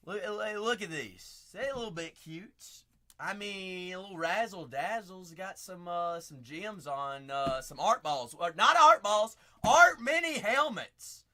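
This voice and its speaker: A man's voice: sits high, animated, unhurried, pushed and bright. A chatty man with a Southern accent hosting a live card-break stream, talking to viewers by name.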